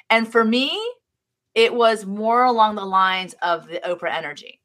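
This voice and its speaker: Middle-aged woman guest, bright, sharp voice, lively storytelling, trips over her words a lot. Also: medium pitch. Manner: expressive, animated storyteller with many restarts. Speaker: guest, author. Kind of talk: storytelling in a live-streamed interview.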